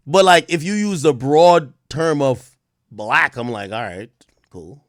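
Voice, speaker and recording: A man's voice: fairly high pitch, lively intonation, slow pace, dry recording, clean studio sound. A man from Jamaica hosting a livestream, ranting crudely and laughing as he reacts to clips. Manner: loud, laughing, crude rants. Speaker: livestream host. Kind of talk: profane comedic commentary.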